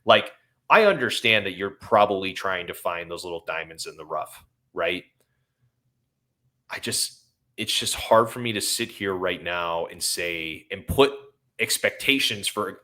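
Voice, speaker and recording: A man rants on a sports podcast, his voice bright and forceful. He rambles through restarts and keeps apologizing for getting emotional. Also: low-pitched, normal speed. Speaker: podcast co-host. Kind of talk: emotional casual sports talk.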